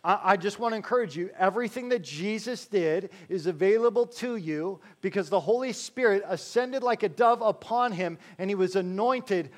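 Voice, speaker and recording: A male pastor with a fairly high voice preaches a sermon, moving between slow, weighty phrases and quick conversational stretches. He drops in joking asides and keeps checking in with his listeners. A faint hum sits under the recording. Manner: slows to stress key phrases, then rattles along quickly.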